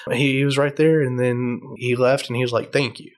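A man's voice: medium pitch, flat delivery, fairly quick. A man, a tea shop owner, earnestly telling customer stories in a podcast interview. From Texas. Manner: earnest storyteller, frequent restarts.

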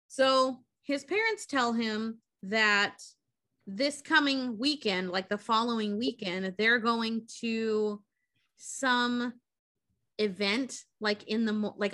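Young woman on a podcast, kinda high bright voice, swears a lot, acts out all the lines while she retells a movie. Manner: profane, animated storytelling with acted quotes. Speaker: podcast co-host. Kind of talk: casual chat, recapping a movie.

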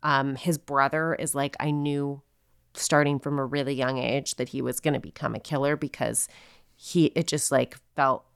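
A woman's voice: a bass voice, fairly even intonation, moderate pace, vocal fry, clean tone, no echo, clean studio sound. A woman co-hosting a podcast, telling a true-crime story casually with lots of fillers and quoted asides. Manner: chatty, filler-heavy, quotes people in asides. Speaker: podcast co-host.

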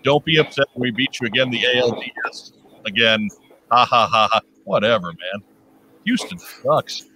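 Bright-voiced joking man, podcast co-host. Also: medium pitch, slight background noise, low-quality recording. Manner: joking, quick banter. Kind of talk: casual podcast chat, reading listener mail.

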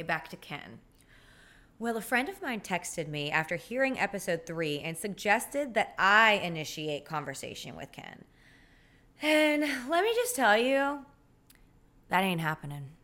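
A woman's voice: lowish voice, sharp tone. A woman, hosting a podcast and telling funny stories in a sassy, self-deprecating way. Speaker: podcast host. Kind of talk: casual comedic storytelling monologue.

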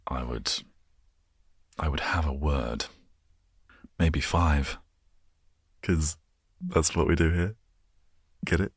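A man's voice: rumbling low, slow, long pauses, husky, dry recording, clean studio sound. A man in his twenties with an English accent, hosting a solo podcast in a rambling, musing way, easily amused by his own tangents. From England. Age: 20s. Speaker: podcast host. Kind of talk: casual solo podcast chat.

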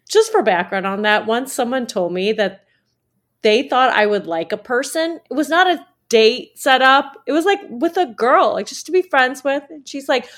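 A woman in her forties co-hosting a podcast, telling stories in a casual chat, animated and laughing at herself. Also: high voice, moderate pace. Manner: animated, laughing, self-mocking storyteller. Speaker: podcast co-host.

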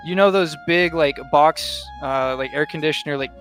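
A man's voice: on the high side, moderate pace, a bit bright, faint music behind. A young man on a podcast, telling rambling stories with lots of swearing and laughing. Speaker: podcast co-host. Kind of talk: casual storytelling chat.

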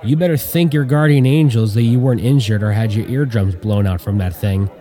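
A man's voice: mid-range voice, fairly quick, mellow, a faint crowd, lightly acted. A man voicing a tired, wisecracking male airman who talks bluntly. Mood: wry.

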